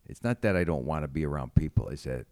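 A man's voice: extremely low pitch, fast, no echo. A man co-hosting a podcast, a comedian talking casually and bluntly, cursing freely as he tells stories. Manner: blunt, profane, animated storyteller.

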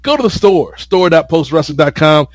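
A man's voice: a little high, lively intonation, moderate pace. A man in a casual podcast chat, plugging his shows with dry jokes. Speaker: podcast guest and host of other shows.

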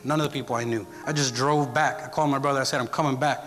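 Rapid-fire and fairly bright, a guest preacher's mid-range voice holds a fairly even intonation as he tells a personal story to his congregation in a church hall. He's conversational, frequently checking in with "right?". The recording has church hall reverb and music.

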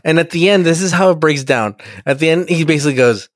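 A man co-hosting a casual chat, animatedly retelling a TV episode and slipping into quick character voices. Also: fairly high pitch, no room sound, clean studio sound. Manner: animated storyteller, acts out characters in quick impressions, swears a lot. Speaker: podcast co-host.

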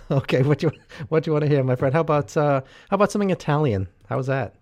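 A man's voice: fairly high pitch, fast, a little mellow, no room sound. A man co-hosting a podcast in casual chat, blunt and profane, often laughing. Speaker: podcast co-host.

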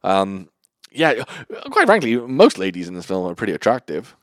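Podcast co-host: young man, lively pitch, rambling and profane, dry close mic. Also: moderate pace, no echo. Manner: rambling, swearing, laughing often. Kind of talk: casual film review chat.

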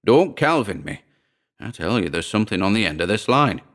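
A man voicing a gruff, scornful farmer with blunt, rough folksy speech in a read-aloud story. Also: fairly low pitch, sing-song, fairly quick, fairly bright tone. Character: gruff uneducated middle-aged farmer, scornful.

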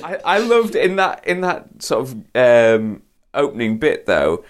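Man co-hosting a casual film podcast, animated, with a lively, swinging pitch. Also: a little slow. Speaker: podcast co-host.

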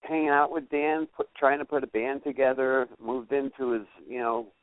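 A man's voice: medium pitch, moderate pace, no echo. An older man, a guest musician, telling stories in a casual interview and acting out the people in them. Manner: animated storyteller who acts out the people in his tales. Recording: dry, tinny phone-like audio.

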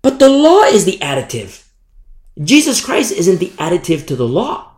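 A man's voice: high-pitched, huge pitch swings, normal speed. Emphatic preacher man in a roomy echo. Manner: emphatic, repeats "you see?", jumps between loud and quiet. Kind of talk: bible study sermon.

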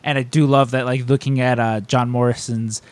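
A young adult man co-hosts a podcast, telling stories in a rambling, casual chat with lots of fillers and restarts. His voice is medium-pitched, level, and brisk.

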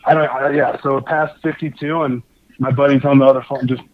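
A man telling a long fishing story in a casual, excitable, rambling way, over dull lo-fi remote audio. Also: mid-range voice, fairly quick. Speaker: guest angler.

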